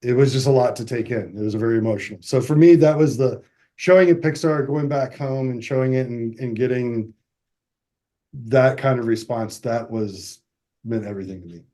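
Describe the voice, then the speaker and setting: A filmmaker being interviewed, telling stories in a casual, animated way with frequent restarts. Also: male voice, mid-range voice, moderate pace. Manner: animated storyteller, restarts often, acts out quotes. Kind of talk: casual interview over video call.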